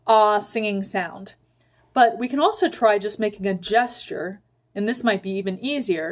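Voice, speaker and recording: A woman giving a calm, unhurried voice lesson, guiding the listener step by step with frequent ums. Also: mid-range voice. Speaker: voice teacher. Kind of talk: vocal instruction with sung demonstrations.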